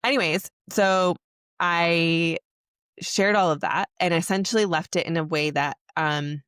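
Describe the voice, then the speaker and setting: A woman's voice: fairly low pitch, fairly even intonation, measured pace, fairly bright tone, clear, resonant tone, dry recording, clean studio sound. A young woman hosting a podcast, telling an emotional personal story in a candid, rambling way full of "like". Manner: candid, emotional, heavy use of "like". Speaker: podcast host.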